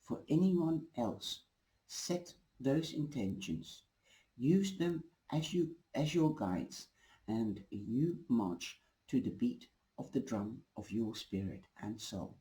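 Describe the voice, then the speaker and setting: A man's voice: medium pitch, lively intonation, takes it slowly, dark tone, poor audio. A man giving a casual, rambling tarot reading to camera, losing his voice. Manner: rambling, reassuring, restarts often. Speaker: tarot reader.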